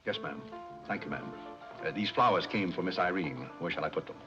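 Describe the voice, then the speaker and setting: Formal polite butler, a man playing him in a 30s comedy, lowish voice, dull old-movie audio. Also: fairly quick, close to an everyday voice. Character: dignified reserved male butler, patient and formal. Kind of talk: 1930s film acting. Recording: muffled 1930s film soundtrack with music.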